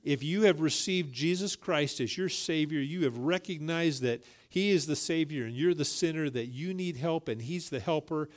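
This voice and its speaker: Middle-aged man, pastor, sermon, folksy storytelling, emphatic, fairly high voice. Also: moderate pace, few pauses. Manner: folksy storytelling, emphatic and rising on key points.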